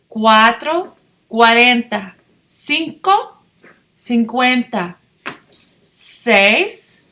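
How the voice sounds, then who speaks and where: Slow, bright-voiced woman teaching Spanish numbers. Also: a little high. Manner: slow and encouraging, drilling numbers aloud. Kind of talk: classroom lesson.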